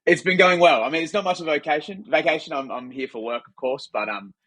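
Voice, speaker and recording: A man's voice: on the high side, fast talker, bright, forceful tone, dry recording. A young Australian man, a company founder and podcast guest, telling his story in an easygoing way. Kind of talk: casual interview.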